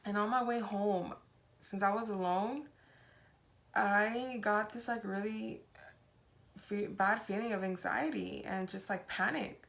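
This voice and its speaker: A woman's voice: medium pitch, fairly even intonation, slow, vocal fry, fairly bright tone. A young adult woman vlogger casually telling a personal story, retelling past conversations with frequent "like" and "I was like". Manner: retells events with reported dialogue, many "like" fillers.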